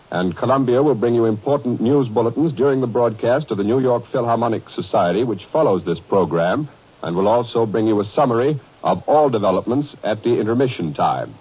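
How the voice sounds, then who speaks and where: A man's voice: on the low side, a little mellow, breathy edge. Man reading 1940s radio bulletins. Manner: measured, formal delivery. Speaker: radio news announcer. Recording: muffled 1940s radio broadcast.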